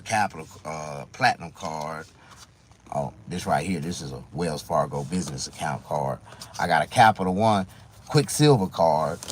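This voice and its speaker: A comedian man talking casually to his viewers, telling rambling, profane stories that swing between loud outbursts and low asides. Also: slight background noise. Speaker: stand-up comedian. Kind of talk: casual monologue to camera.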